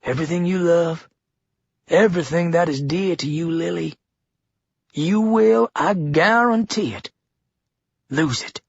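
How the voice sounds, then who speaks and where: Gravelly Georgia-twanged Governor, as a man puts him on. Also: a little high, measured pace, pauses often, dry recording, dull audio, voice pushed up, heavily acted. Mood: ominous warning. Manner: theatrical, exaggerated enunciation. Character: menacing one-armed male town leader, middle-aged.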